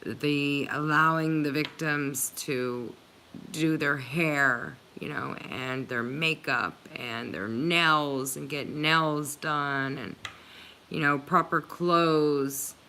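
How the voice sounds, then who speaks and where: A woman's voice: deep voice, steady tone, takes it slowly, sharp tone, slight background noise. A woman hosting a livestream, chatting earnestly and emotionally with viewers, with many filler "likes". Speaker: channel host reading live chat.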